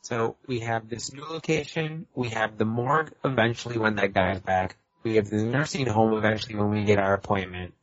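A man's voice: fairly low pitch, fairly even intonation, brisk, few pauses, no echo. A man playing a tabletop role-play game, talking his plans through at length. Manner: talkative, thinks aloud and plans. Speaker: player. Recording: dull, lo-fi audio.

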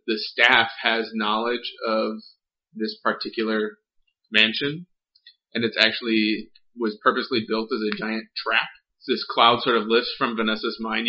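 A man narrating as game master of a tabletop game, talking in halting bursts with many restarts. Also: mid-range voice. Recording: roomy, dull lo-fi sound.

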